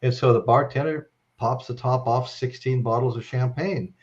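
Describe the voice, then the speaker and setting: A man's voice: mid-range voice, unhurried, muffled recording. Rambling man hosting a live stream. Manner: rambling storyteller, tags lines with okay. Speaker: host.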